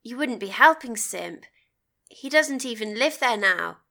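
Brief: an exasperated, insistent wife as a woman reads her, bright and high. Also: animated, a little slow, vocal fry, exaggerated voice. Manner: pleading, rising to anger. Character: frustrated, pleading wife, middle-aged.

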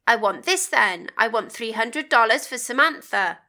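A woman's voice: a little high, animated, normal speed, sharp tone. A woman voicing a frustrated middle-aged wife who pleads and pushes back. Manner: pleading, rising to anger.

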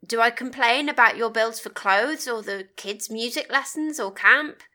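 Brief: woman reading a dismissive, penny-pinching husband, scornful and sharp-edged. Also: a little high, moderate pace. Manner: curt, scornful. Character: stubborn, tight-fisted middle-aged husband, dismissive.

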